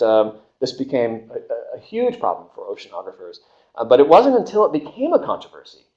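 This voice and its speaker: A man lecturing at a research seminar, his pitch swinging widely as he talks. He fills pauses with "uh", restarts sentences and slips into quick acted-out voices for the people he quotes. The delivery is that of a professor speaking to a room. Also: lo-fi sound. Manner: animated, acts out quoted voices, many filler uhs and restarts. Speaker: history professor giving a seminar talk. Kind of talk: university lecture.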